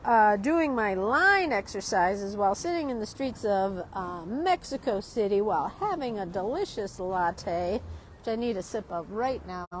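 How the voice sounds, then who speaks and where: A woman's voice: mid-range voice, expressive, measured pace, a little hiss or hum, poor audio. A woman talking casually and rambling while she sits at an outdoor café, often tagging her sentences with "right?". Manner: chatty, rambling, often adds "right?", laughs a lot. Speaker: art teacher vlogging. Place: outdoor street café in a city. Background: street ambience.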